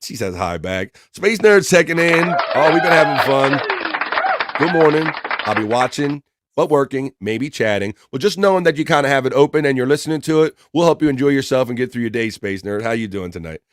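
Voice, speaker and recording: A man's voice: mid-range voice, lively intonation, fairly quick. A man hosting a live stream, chatting casually and reading out viewer comments with upbeat greetings by name.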